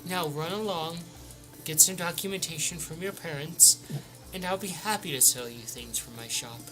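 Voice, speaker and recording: A man's voice: a little high, moderate pace, pitched above the performer's own voice, lightly acted, low-quality recording. A man voicing a prim, officious potion shopkeeper who talks down to a customer. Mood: condescending. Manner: stern, condescending. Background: background music.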